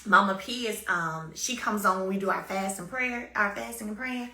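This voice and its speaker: A woman tells a personal story straight to her followers. Her voice is bright and forceful, and she repeats her points with emphatic bursts of energy. The sound bounces around an echoey room. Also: medium pitch, moderate pace. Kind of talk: casual spoken testimony to followers.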